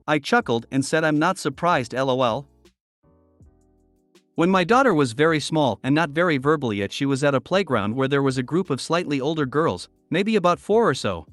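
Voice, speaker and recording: A man reading online stories aloud as a narrator in a steady voice. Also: on the high side, no echo. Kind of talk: scripted story narration. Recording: dry with faint music behind.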